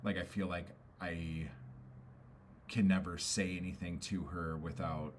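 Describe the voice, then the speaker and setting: A man with a very low, deep voice rambles through a frustrated venting session on a casual livestream. He swears freely and keeps stalling on fillers as he talks it through. A faint hum sits behind him. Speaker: poet and streamer.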